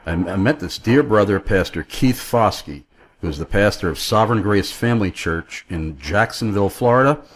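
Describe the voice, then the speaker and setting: A man's voice: lowish voice, animated, moderate pace. A man hosting a Christian talk radio show, chatting earnestly and rambling a little with fillers. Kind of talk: friendly talk radio chat.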